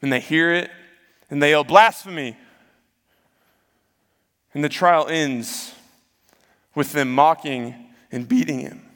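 A man's voice: fairly high pitch, fairly even intonation, measured pace, long pauses, fairly bright tone. A man preaching a sermon, retelling the story in a conversational way and acting out the quotes. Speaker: pastor. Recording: long hall reverb.

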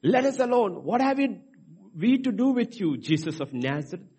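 A man voicing a crowd of demons crying out through a possessed man, loud and high. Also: sing-song, moderate pace, husky, full character voice. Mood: alarmed. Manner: high, loud, alarmed cries.

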